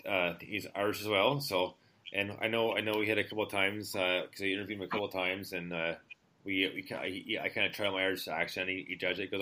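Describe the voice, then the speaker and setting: Male music show host, casual and rambling, bright and forward in tone. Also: low voice. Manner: laid-back, rambling, frequent fillers and restarts. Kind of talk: casual chat.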